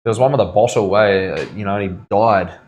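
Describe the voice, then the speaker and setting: A man's voice: on the low side, brisk, slight background noise. A man with a New Zealand accent hosting a tattoo livestream in a studio, joking, laughing often and reading the chat aloud. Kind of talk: casual livestream banter.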